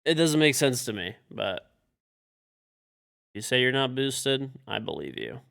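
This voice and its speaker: Guy streaming games, fed up, cussing and muttering, gravelly voice that jumps all over. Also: medium pitch, very animated, a little slow, fairly bright tone. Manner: frustrated, swearing, muttering to himself. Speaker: game streamer. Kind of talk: live-stream commentary while playing.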